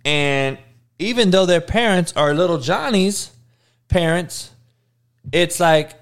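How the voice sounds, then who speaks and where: Animated profane man ranting. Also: high-pitched, unhurried, long pauses. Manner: animated, heavily profane, emphatic. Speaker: podcast host and coach. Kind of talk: casual comedic rant.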